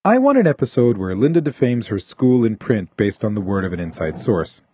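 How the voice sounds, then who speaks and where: A man's voice: fairly low pitch, sing-song, fairly quick, warm tone, breathy edge, no echo. A male podcast host reading listener emails aloud, adding wry asides.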